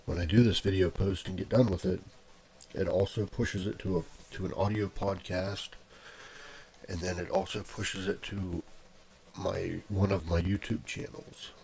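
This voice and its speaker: A man's voice: sits low, steady tone, measured pace, gravelly, darkish tone. A man casually narrating his own screen recording into a desk microphone, rambling with fillers and restarts. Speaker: video blogger. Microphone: plugged-in desk microphone.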